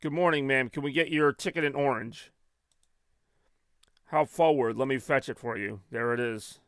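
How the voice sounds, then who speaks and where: A man's voice: mid-range voice, normal speed, fairly bright tone, clean tone, no echo, studio quality, close to an everyday voice. A man voicing an overly courteous male train steward in a game.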